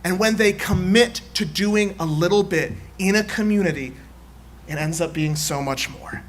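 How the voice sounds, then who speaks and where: A man's voice: high voice, moderate pace. A man preaching a sermon in a church, in rhythmic, repetitive oratory. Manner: builds to shouted call-and-response chant. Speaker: guest preacher. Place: church sanctuary.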